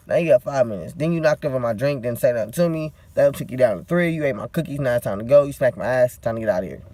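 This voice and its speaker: A man's voice: mid-range voice, darkish tone, no echo. A man in a tired, casual vlog rant, talking bluntly and cursing freely as he vents. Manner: blunt, profane, venting. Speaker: vlogger.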